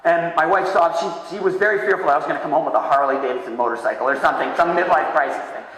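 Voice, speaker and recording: A man in his fifties from Massachusetts giving a conference keynote talk, an animated storyteller who acts out voices. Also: fairly high pitch, fast talker. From Massachusetts, USA. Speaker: keynote speaker. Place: large hall. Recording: echoey hall, heard from far off.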